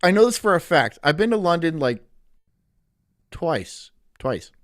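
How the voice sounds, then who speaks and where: Animated, crude-talking male streamer. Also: a little high, a little slow, no room sound, clean studio sound. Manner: crude, rambling, laughs often. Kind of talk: casual live-stream chat.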